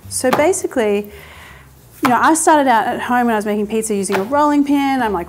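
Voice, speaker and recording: A woman's voice: medium pitch, slight background noise. A woman hosting a cooking show, chatting casually and explaining each step in an upbeat way as she cooks in a kitchen. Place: home kitchen.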